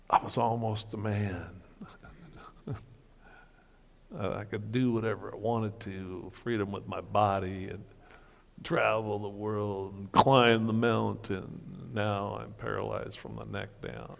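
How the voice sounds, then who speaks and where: A middle-aged man giving an earnest personal testimony as a guest speaker, telling his story slowly. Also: on the low side, fairly even intonation, vocal fry, long reverb tail. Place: church hall breakfast gathering.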